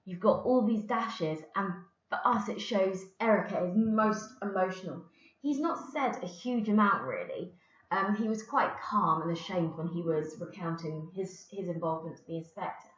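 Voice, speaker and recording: A woman's voice: medium pitch, normal speed. A woman English teacher giving a recorded lesson, explaining patiently with the odd filler. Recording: roomy, dull lo-fi recording.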